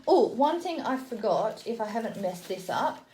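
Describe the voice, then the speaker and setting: A woman's voice: on the high side, big pitch swings, darkish tone. A woman demonstrating phonics card games in a casual tutorial, sounding out words letter by letter and explaining the rules in a chatty way. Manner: sounds out words slowly, then explains briskly. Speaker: teacher demonstrating literacy games.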